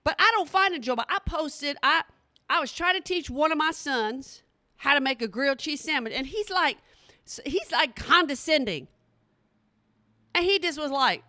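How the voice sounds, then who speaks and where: A woman's voice: high-pitched, lively intonation, moderate pace, sharp tone, no room sound, clean studio sound. A middle-aged woman, talking bluntly and playfully straight to her audience in a casual comedic monologue. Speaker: vlogger.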